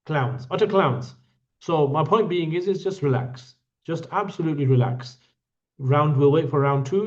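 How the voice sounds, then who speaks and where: A hajj tour guide with a fairly high, somewhat mellow voice runs an online question-and-answer session for his group. He's blunt, cracks teasing jokes, and scolds at times, all captured in dull lo-fi sound.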